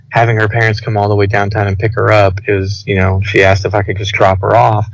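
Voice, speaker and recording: A young man telling a rambling, animated story over casual podcast chat, full of filler words. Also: fairly low pitch. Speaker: podcast co-host. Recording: dull lo-fi audio.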